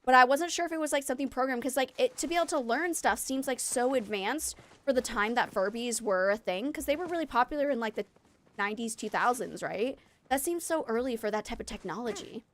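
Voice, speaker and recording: A woman's voice: a little high, a little fast. Chatty, rambling woman streamer. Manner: chatty, rambling and animated, with many fillers. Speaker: mother and former teacher. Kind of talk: casual chat while livestreaming a game.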